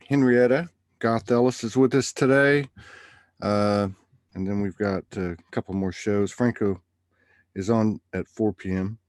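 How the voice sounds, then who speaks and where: A man's voice: fairly low pitch, darkish tone, no echo. A man hosting a live show, chatting loosely and rambling through his thoughts. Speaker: livestream host. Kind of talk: casual spiritual chat.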